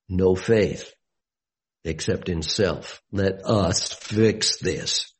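A man giving a Bible study sermon, deliberate and explanatory, with emphatic rises on key words. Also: low voice, darkish tone, poor audio.

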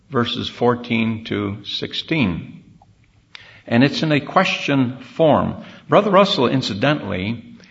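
A man with a low, gravelly voice delivers a deliberate convention sermon, pausing now and then with small fillers. The recording sounds dull and lo-fi, like an old archival tape. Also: a bit bright. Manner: measured, deliberate, with pauses and fillers. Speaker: speaker at a religious convention. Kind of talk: sermon-style Bible talk.

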